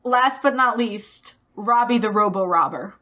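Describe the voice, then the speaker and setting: A podcast co-host from Texas, USA chats casually, enthusiastic and swearing with ease. Her medium-pitched voice is pushed and bright, and she talks in quick bursts.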